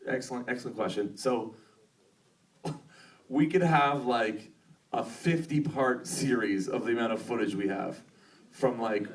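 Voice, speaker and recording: A man's voice: mid-range voice, measured pace, long pauses. Rambling filmmaker man, distant mic. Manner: rambling, full of fillers, excited. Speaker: filmmaker on a Q&A panel. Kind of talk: casual storytelling answer. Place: theater at a film premiere.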